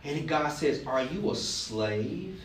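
A man's voice: fairly high pitch, expressive, slow pace, a little hiss or hum. Man preaching in an echoing sanctuary. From Alabama. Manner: preachy, emphatic, joking asides, call-and-response questions. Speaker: pastor. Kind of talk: sermon. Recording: roomy, distant mic, faint ambience.

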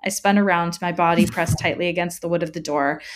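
A woman reads a first-person horror story aloud with a tense, dramatic delivery. Her voice sits slightly low for a woman, and she leans hard into the frightening moments. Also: fairly even intonation, fairly quick.

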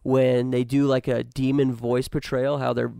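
A man hosting a podcast, telling a story in a relaxed, slangy casual chat. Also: mid-range voice, moderate pace, creaky, clean tone, dry recording, clean studio sound. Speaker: podcast host.

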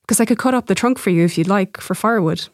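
A woman's voice: medium pitch, fast, dry recording, clean studio sound, close to an everyday voice. Woman reading as an awkward young tree surgeon. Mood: casual.

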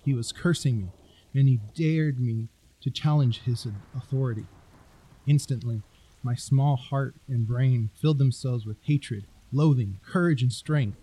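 Dark-voiced man reading a scary story. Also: medium pitch, measured pace, breathy edge, poor audio. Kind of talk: scripted narration of a scary story.

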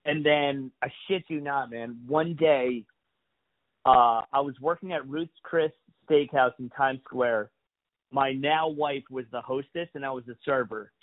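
A man's voice: medium pitch, measured pace. A comedian telling a long story in a casual chat, swearing freely and acting out the lines of the people he quotes. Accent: New York. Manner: profane, animated storytelling with acted-out quotes. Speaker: comedian guest. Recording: phone-like lo-fi audio.

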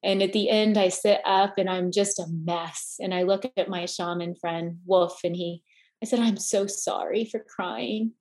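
A woman's voice: on the low side, level tone, normal speed, darkish tone. A middle-aged woman hosting a podcast, talking with feeling and often stumbling over and repeating her words. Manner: heartfelt, repeats words while searching for them. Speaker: podcast host. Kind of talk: emotional conversational chat.

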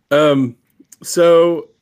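A man's voice: a little high, very slow, a little mellow. A man running a tabletop game as game master on a podcast, laughing often and narrating with loose fillers.

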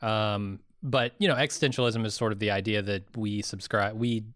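Relaxed American man explaining on a podcast. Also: fairly low pitch, moderate pace, no room sound, studio quality. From United States. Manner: relaxed, explains ideas in a thoughtful way. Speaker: podcast co-host. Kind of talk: casual podcast chat.

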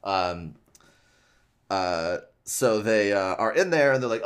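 Low-voiced man rambling through a recap. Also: a little slow. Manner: rambling, heavy use of "like", swears casually, acts out characters' lines. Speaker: podcast host recapping a book. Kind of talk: casual storytelling recap.

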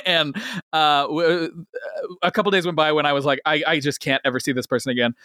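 A young man telling a story on a podcast as a guest, animated and laughing, with lots of fillers and restarts. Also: on the high side, brisk, dry recording, studio quality. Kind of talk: casual storytelling chat.

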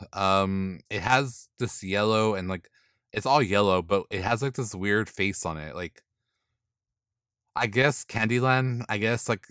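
A sassy man talking through drag runway looks in a casual commentary vlog, his voice sitting on the low side. He is blunt and swears freely, with drawn-out put-downs. The sound is dry and close, with no room around it. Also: fairly bright tone, clear, resonant tone, no room sound. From not from the East Coast.

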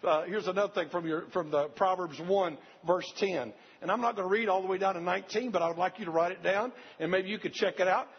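A man's voice: sits high, quick pace, hardly any pauses, slight background noise. An older man preaching a sermon, earnest and repetitive, speaking straight to the congregation. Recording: dull lo-fi recording.

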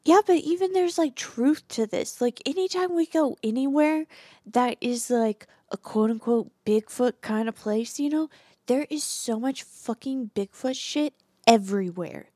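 A woman's voice: on the high side, unhurried, mellow, breathy edge, no room sound, studio quality. A woman casually chatting about a movie on a podcast, giggly and chatty. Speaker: podcast co-host. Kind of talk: casual movie review chat.

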